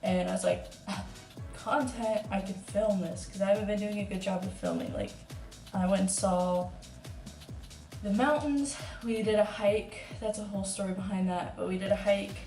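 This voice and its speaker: A woman's voice: medium pitch, fairly even intonation, normal speed, mellow. A young woman chats casually to her camera, telling a story with plenty of giggles and filler words. Her voice bounces around a very echoey room and sits some distance from the mic. Faint music plays underneath. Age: young adult. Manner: chatty storytelling, many "like"s and giggles. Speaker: study-abroad student vlogger. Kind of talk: casual vlog chat. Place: kitchen indoors.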